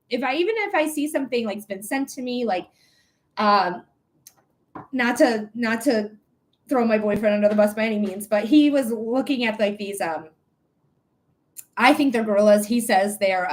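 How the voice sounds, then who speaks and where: A woman hosting a live psychic-reading stream, talking in a blunt, outspoken way, swearing freely and tossing quick asides to viewers. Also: fairly high pitch. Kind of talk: casual live-stream chat.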